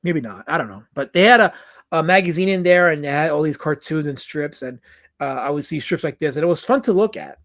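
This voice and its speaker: Streamer host, male, middle-aged, high-pitched, chatty and wry, reads chat aloud. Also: expressive, fairly quick, fairly bright tone. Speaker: streamer discussing comic art. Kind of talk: casual live-stream commentary.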